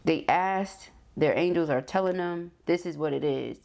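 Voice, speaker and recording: Low, gravelly-voiced woman reading tarot. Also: normal speed, a little mellow. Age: adult. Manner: frequent "okay?" check-ins, affirming. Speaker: tarot reader.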